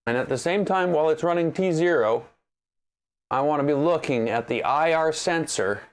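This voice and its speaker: A man's voice: fairly high pitch, lively intonation, moderate pace. Sarcastic man grumbling at his printer. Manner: sarcastic, exasperated muttering at the machine; talks to the machine directly. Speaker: 3D printing maker hosting a live stream. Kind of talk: casual live troubleshooting commentary.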